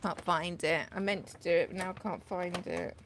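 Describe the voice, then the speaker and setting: A woman's voice: fairly low pitch, normal speed, fairly bright tone, slight background noise. A woman hosting a late-night live video café, reading verse with swelling emphasis and signing off with cheerful, blunt swearing. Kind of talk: live-stream chat with poetry reading and prayer.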